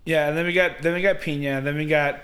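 A man co-hosting a podcast, chatting casually with quick asides and frequent laughs. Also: a little high, fairly even intonation, a bit bright. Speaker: podcast co-host. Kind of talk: casual movie review chat.

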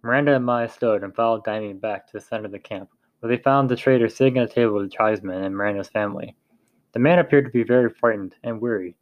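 Brief: male narrator reading a story, plain and steady, stumbles now and then, dry muffled recording. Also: lowish voice, fast talker, dry recording. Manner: plain reading with small slips and restarts. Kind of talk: reading a novel aloud.

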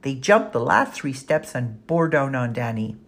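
A woman reads a novel aloud in a measured, storytelling manner. Her voice is low for a woman and has a husky grain. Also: sing-song. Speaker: audiobook narrator. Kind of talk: scripted narration.

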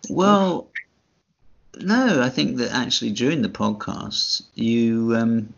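A man's voice: medium pitch, animated, measured pace, creaky. A man co-hosting a casual podcast chat, hesitant and full of fillers, with a dry, self-mocking humor. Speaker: podcast co-host. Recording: dull lo-fi sound.

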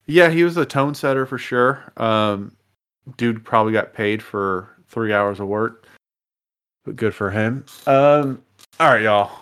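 A man's voice: on the low side, measured pace, fairly bright tone, clean tone. A man hosting a casual movie-review podcast, easygoing and loose as he steers the group through the segments. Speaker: podcast host running the segments.

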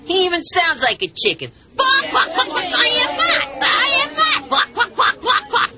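A woman's voice: extremely high pitch, wildly swooping pitch, normal speed, lo-fi sound, heavy background noise, exaggerated voice. A taunting boy gang leader. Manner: taunting, mocking.

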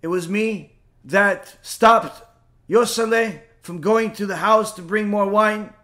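A man's voice: sits high, takes it slowly, pushed and bright, heavily acted. A man voicing the ghost of a dead midwife, a tormented, pleading woman confessing an old wrong, barely altering his own voice.

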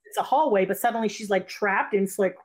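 A woman's voice: medium pitch, quick pace. A woman casually retelling a movie plot to friends, rambling with lots of fillers and restarts, and acting out the characters' lines. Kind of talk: casual chat.

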